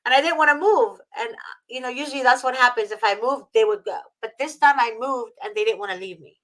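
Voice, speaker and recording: A woman from Egypt hosts a casual chat in a slightly high voice. She gushes and gets emotional easily. Her sentences stumble and restart, full of fillers. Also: fast, a bit bright, rough recording. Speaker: host. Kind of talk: casual video-call chat.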